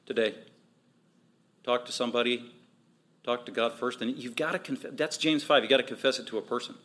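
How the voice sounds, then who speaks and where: A male pastor preaching a sermon, emphatic and repetitive, with quick asides. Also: medium pitch, a bit bright.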